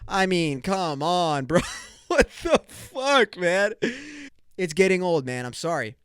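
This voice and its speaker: A man's voice: high-pitched, sing-song, slow pace, a bit bright, clean tone, no echo. Guy hosting a pod, swears a lot, ranting, dead dry mic. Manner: profane, blunt, ranting. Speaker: podcast host. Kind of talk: casual rant.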